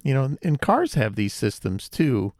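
A man co-hosting a casual podcast chat, explaining things in a measured way. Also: mid-range voice, big pitch swings, a little mellow, dry recording, clean studio sound. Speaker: podcast co-host.

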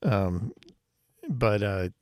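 A man co-hosting a casual podcast chat, explaining things in a measured way. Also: lowish voice, a little mellow, no room sound, studio quality. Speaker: podcast co-host.

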